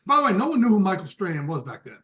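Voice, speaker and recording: A man guesting on a sports podcast, telling an animated anecdote and laughing often as he goes. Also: sits high, rapid-fire. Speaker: guest football insider.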